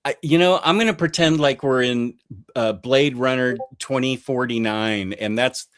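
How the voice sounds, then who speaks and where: Casting: male streamer, mid pitch, chatty and hesitant, dry close mic. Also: moderate pace, dry recording. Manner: rambling, hesitant, lots of fillers. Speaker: podcast host. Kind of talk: casual live-stream chat.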